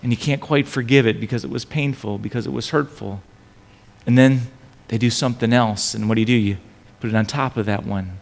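Middle-aged male pastor, gravelly voice, animated sermon storytelling, reverberant hall. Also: medium pitch, a little fast. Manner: animated storytelling with frequent restarts.

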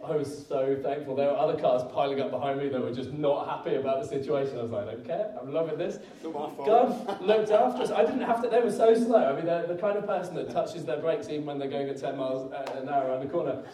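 A man's voice: fairly high pitch, fast talker, hardly any pauses, crowd noise. A man preaching a sermon and telling a personal story in a conversational way, laughing often and building to emphatic peaks. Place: church hall. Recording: echoey room, mic at a distance.

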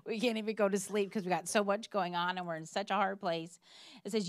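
A woman's voice: mid-range voice, fairly even intonation, brisk, dry recording, studio quality. Earnest woman preaching a sermon. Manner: earnest, emphatic preaching with quotes and stories.

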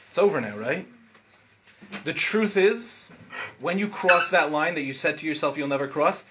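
A middle-aged man teaching an informal Torah class to students, animated, asking questions and acting out what his students say. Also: fairly high pitch, a little hiss or hum. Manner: animated, asks the listeners questions, acts out students' words.

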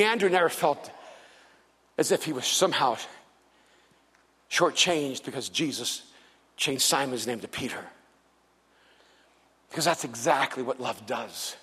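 A man preaching a sermon as pastor, telling stories with animation and turning soft and earnest for his appeals. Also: slightly rough. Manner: animated storytelling, acts out quoted people in a higher voice. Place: large church hall. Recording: long hall reverb.

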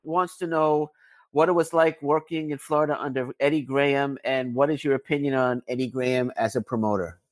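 A man's voice: mid-range voice, steady tone, fairly quick. Man reading out fan questions. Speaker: host.

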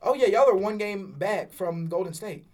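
A man's voice: high-pitched, expressive, normal speed. Exasperated young man grumbling about basketball. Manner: whiny, exasperated, bursts into loud outcries. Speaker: podcast co-host, Lakers fan. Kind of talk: casual sports chat.

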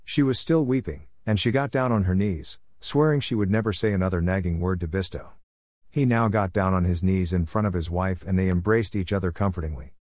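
Low-voiced man narrating a story. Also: no echo, clean studio sound. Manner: steady, measured reading.

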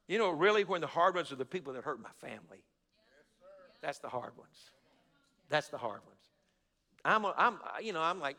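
A male pastor preaching a sermon with passion, moving from shouts to quiet, confiding prayers. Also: a little high, lively intonation, brisk, long pauses. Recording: echoey church hall.

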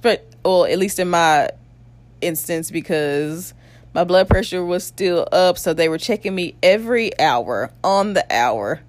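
Young woman, lower register, candid storyteller with a crude streak, dry close sound. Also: expressive, a little slow, no echo. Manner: candid, blunt, crude humor with frequent laughs. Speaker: mother telling her birth story. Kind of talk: casual storytelling to camera.

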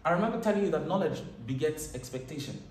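A man's voice: on the high side, expressive, fast, darkish tone, slight background noise. A man preaching a sermon, reading scripture aloud with rising emphasis between plain explanations. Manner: reads scripture in a raised, emphatic voice. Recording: echoey room, mic at a distance.

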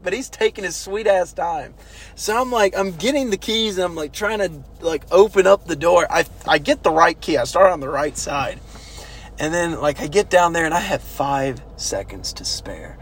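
A man telling army stories in a loose, laughing way, acting out the quotes. His voice sits a little high and swings widely in pitch. Faint background noise runs under the recording. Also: moderate pace. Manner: laughing, animated, acts out quotes with big pitch jumps. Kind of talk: casual storytelling chat.

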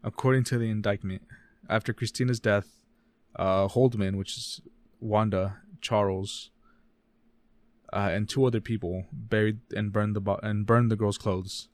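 Casting: deep-ish male podcast co-host, dry close sound, quick reading with stumbles and self-corrections. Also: steady tone, no room sound. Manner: reads case notes fast, stumbles and corrects himself. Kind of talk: casual true-crime podcast reading.

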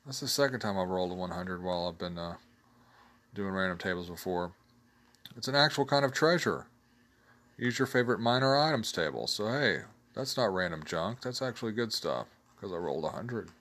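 A man with a somewhat low voice hosts a casual solo show. He talks in a loose, chatty way and laughs at his own jokes. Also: expressive, fairly quick, a bit bright. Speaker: host reviewing tabletop game blogs.

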